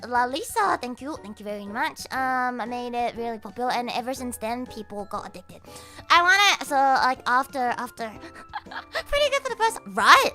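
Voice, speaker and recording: A woman's voice: high-pitched, bright, forceful tone. A woman VTuber streamer ranting casually, giggly and rambling, swearing constantly.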